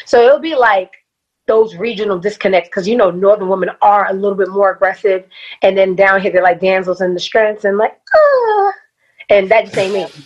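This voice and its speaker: A woman with a Brooklyn accent, a podcast guest telling stories in blunt, animated casual chat. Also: medium pitch, fairly quick, highs cut off. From Brooklyn, New York.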